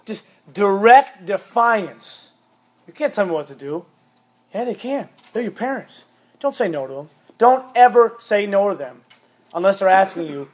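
A man with a high voice preaches to young people in a blunt, emphatic way. He hammers his points by repeating them, alternating between loud pushes and quiet asides. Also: expressive, moderate pace. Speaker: youth pastor.

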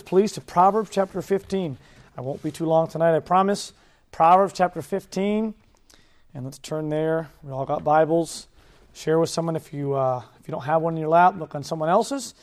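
A man with a notably high voice preaches to a youth group, animated and lively. He delivers his sermon with energy, slipping into playful impressions of the kids he talks about. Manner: animated, mimics kids' voices in anecdotes. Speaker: youth pastor. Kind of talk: sermon to teenagers.

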